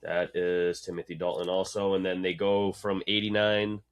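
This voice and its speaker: A man's voice: sits low, level tone, normal speed, clean tone, dry recording. A man co-hosting a podcast in casual chat, blunt, profane and matter-of-fact. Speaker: podcast co-host.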